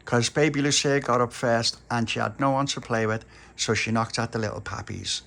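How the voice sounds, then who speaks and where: A man's voice: mid-range voice, fairly even intonation, moderate pace, creaky, fairly bright tone. A man voicing a cheerful, sensible little girl, in a bedtime-style story. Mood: chirpy.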